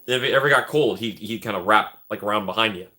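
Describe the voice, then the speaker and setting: A man hosting a live stream, rambling casually and joking as he thinks out loud while reading the chat. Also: fairly low pitch, fast talker.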